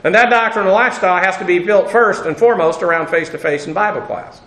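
A man teaching a Bible class as pastor, unhurried and conversational, with frequent pauses and dry asides. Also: high voice, fairly bright tone, reverberant, low-quality recording.

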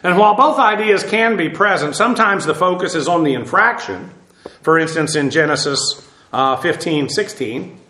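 A man's voice: fairly high pitch, lively intonation, normal speed, bright, forceful tone, roomy sound. A middle-aged man preaching, teaching verse by verse in a plain conversational way with many fillers and restarts. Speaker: pastor. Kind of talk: sermon.

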